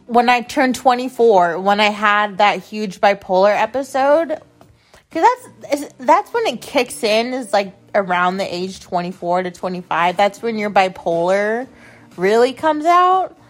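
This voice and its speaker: A woman's voice: mid-range voice, lively intonation, unhurried. A young adult woman hosting a podcast, telling a personal story in a rambling, blunt, profane way, often repeating herself. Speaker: podcast host. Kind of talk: casual storytelling monologue.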